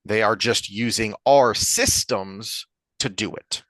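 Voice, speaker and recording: A man's voice: lowish voice, takes it slowly, no room sound. A man co-hosting a podcast, telling anecdotes in a casual opinionated chat and acting out the characters. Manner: animated storyteller, acts out joke characters. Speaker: podcast co-host.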